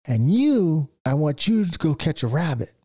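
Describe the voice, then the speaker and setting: A man's voice: fairly high pitch, sing-song, moderate pace, mellow, husky, no room sound, clean studio sound, voice pushed up, exaggerated voice. A man voicing a bossy female mother vulture giving orders to her chicks.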